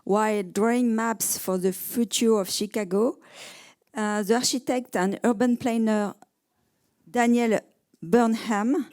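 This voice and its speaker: French accent, woman, live panel host, lots of ums and pauses, mellow voice. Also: medium pitch. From France. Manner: hesitant, many ums and uhs, laughs between lines. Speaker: panel moderator. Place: live event on stage.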